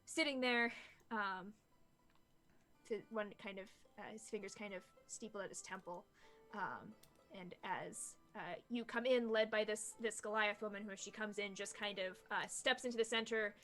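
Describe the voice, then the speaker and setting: A woman's voice: mid-range voice, fairly bright tone, faint music behind. Woman game master describing a scene. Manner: halting, many fillers while describing scenes. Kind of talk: narrating a tabletop game.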